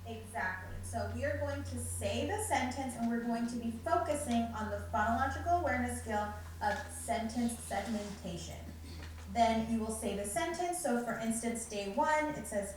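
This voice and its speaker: A woman talks teachers through a preschool lesson routine, now and then switching into a bright voice as if addressing children. Her slightly high voice comes from some distance away. The school library around her rings with heavy echo, with faint noise underneath. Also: normal speed. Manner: modeling lines in a bright teacher voice. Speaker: curriculum presenter. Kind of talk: teacher training presentation. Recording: echoey room, distant mic, faint noise.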